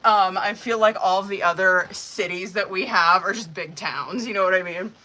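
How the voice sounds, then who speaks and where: Bright-voiced woman chatting on a tarot live stream. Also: mid-range voice, moderate pace, rough recording. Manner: chatty, swears and laughs often. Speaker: tarot reader. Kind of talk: casual live-stream chat.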